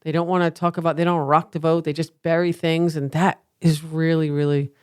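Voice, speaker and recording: A woman's voice: sits low, flat delivery, a little fast, a little mellow, clear, resonant tone, dry recording, studio quality. Chatty woman podcast co-host. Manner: chatty, chimes in and adds points. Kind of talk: casual conversational podcast chat.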